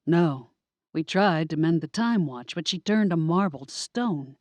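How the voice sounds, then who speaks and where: A woman's voice: deep voice, lively intonation, a little mellow, no echo. Woman doing a firm, decisive man. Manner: firm, quick.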